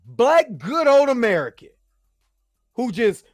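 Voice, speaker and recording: A man's voice: extremely high pitch, sing-song, a little slow, vocal fry, no echo, studio quality. A man hosting his own show, ranting animatedly about pop culture, repeating himself and swearing. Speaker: show host.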